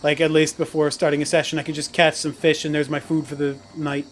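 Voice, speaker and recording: A man's voice: fairly high pitch, completely flat delivery, fast. A man streaming a game, chatting casually, laughing often and swearing offhandedly. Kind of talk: casual chat while gaming.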